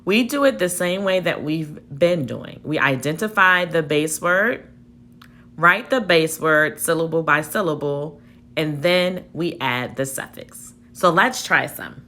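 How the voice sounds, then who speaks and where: A woman teacher with a low, expressive voice and a sharp tone leads a slow spelling dictation lesson. Speaking a little slowly, she sounds out syllables and spells words letter by letter.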